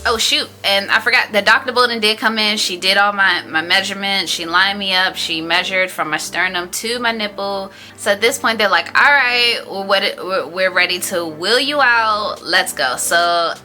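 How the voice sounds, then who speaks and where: Animated woman telling a story, bright voice. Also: mid-range voice, normal speed, few pauses, faint music behind. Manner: animated storyteller, acts out other people's lines in raised voices. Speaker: beauty vlogger. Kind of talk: casual storytime.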